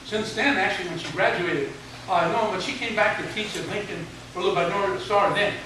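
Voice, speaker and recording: A man's voice: sits high, quick pace. A man in his seventies, a retired teacher, tells a funny, folksy story to students in a speech. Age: 70s. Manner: humorous, folksy storyteller, mild swearing. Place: large hall with an audience. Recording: echoey hall recorded from far off, background noise.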